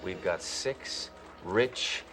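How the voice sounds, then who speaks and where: An actor playing a cocky, wisecracking male cop with a tough, deadpan delivery. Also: low voice, drawn-out words, soft background music, full character voice. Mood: smug. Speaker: police detective. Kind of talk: 1980s sitcom acting.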